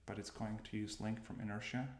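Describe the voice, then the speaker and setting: A man briskly narrates a coding session in a fairly low voice with little pitch movement, stopping often to rethink and correct himself. This is laid-back screencast commentary from a developer showing his workflow. Background keyboard and mouse sounds accompany a roomy, noisy recording.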